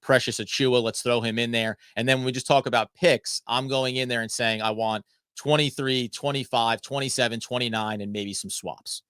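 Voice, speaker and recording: A man guesting on a sports podcast, talking through ideas in a relaxed, playful way. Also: medium pitch, normal speed, smooth, dry recording, studio quality. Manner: relaxed, playful, thinks aloud. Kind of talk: casual sports chat.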